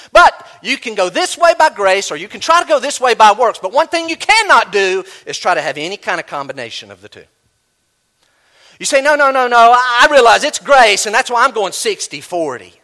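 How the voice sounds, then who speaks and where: A male pastor preaching a sermon, animated, acting out imagined voices as he teaches. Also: high-pitched.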